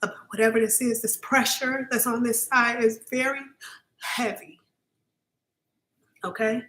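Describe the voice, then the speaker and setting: A woman's voice: on the high side, steady tone, unhurried, a bit bright. A woman giving a live-streamed psychic reading to her viewers. She talks casually and emphatically, keeps checking in with "okay?", and is earnest and openly emotional. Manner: emotional, earnest, at times near tears. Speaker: psychic reader.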